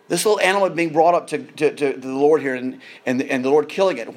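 A man's voice: on the high side, fairly even intonation, fairly quick. A man preaching a sermon in an earnest way, often repeating words as he builds emphasis.

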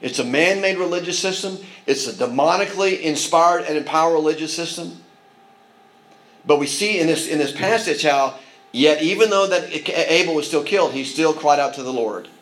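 A man's voice: a little high, normal speed, a bit bright, poor audio. A man preaching a sermon in an earnest manner, with frequent restarts and asides. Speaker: pastor.

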